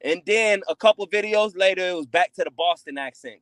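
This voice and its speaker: A man's voice: high voice, a little fast, fairly bright tone, no room sound. A man talking as a guest on a call, blunt and profane, pressing his points and repeating them. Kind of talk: casual video-call chat.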